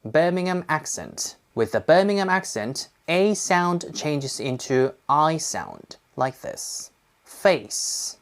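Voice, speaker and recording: A woman tutor demonstrating accent sounds word by word in drawn-out examples. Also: deep voice, animated.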